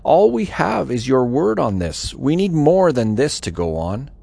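A man's voice: medium pitch, big pitch swings, a little slow, creaky, warm tone, breathy edge, no echo, exaggerated voice. A man voicing hostile male religious leaders in a scripture reading, asking indignant, mocking questions. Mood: scornful.

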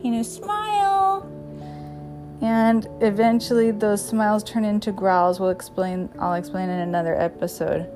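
A woman's voice: medium pitch, completely flat delivery, moderate pace, few pauses, over music. A woman hosting an episode, telling rambling stories in a chatty, casual way and chuckling now and then. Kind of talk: casual storytelling.

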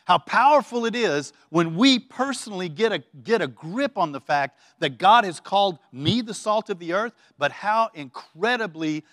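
A man's voice: high-pitched, expressive, moderate pace, few pauses, fairly bright tone, dry recording, clean studio sound, big-room sound. A pastor preaching a conversational sermon to his congregation, with many fillers and restarts, leading the room in call-and-response. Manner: casual, filler-laden, leads call-and-response. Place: church sanctuary.

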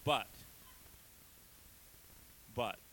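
A man's voice: extremely slow, sharp tone, a little hiss or hum, rough recording. A man in his thirties, a pastor giving a conversational sermon with candid, self-deprecating asides. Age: 30s.

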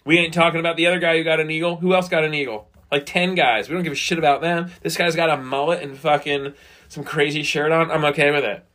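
A man's voice: on the high side, fairly even intonation, quick pace, pushed and bright. A man co-hosting a casual podcast chat, loose and profane, arguing his point with a laugh. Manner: loose, profane, argumentative banter. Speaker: podcast co-host.

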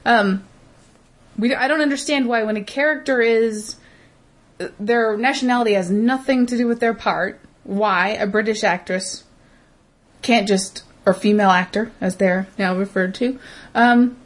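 A woman co-hosting a casual movie podcast with her husband, talking quickly with her words running together, wry and often laughing. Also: a little high. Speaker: podcast co-host. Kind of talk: casual chat.

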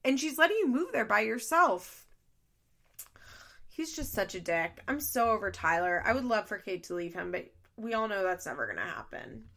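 Woman podcast host, bright and forceful, casual profane recap delivery. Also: mid-range voice, very animated, normal speed, vocal fry. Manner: blunt, profane, exasperated.

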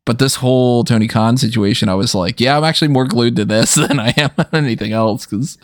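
A man co-hosting a podcast, chatting in an animated way, swearing and laughing easily. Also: mid-range voice, a little fast, dry recording, studio quality. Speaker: podcast co-host. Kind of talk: casual wrestling discussion.

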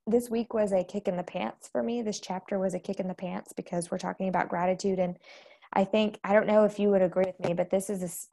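A woman's voice: mid-range voice, gravelly, a little mellow. A woman hosting a live faith book study, talking candidly and chattily to her viewers, recorded on a phone or webcam. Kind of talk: casual spoken book discussion. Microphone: phone or webcam on a social live stream.

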